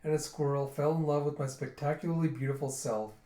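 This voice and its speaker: A man's voice: a little high, steady tone, quick pace, warm tone, roomy sound, close to an everyday voice. A man voicing a vain, playful young male dragon warrior with a smug, teasing manner.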